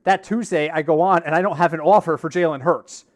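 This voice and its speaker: Speaking a little quickly in a voice on the high side, this podcast co-host chats casually and spins stories, voicing the dialogue of the characters involved.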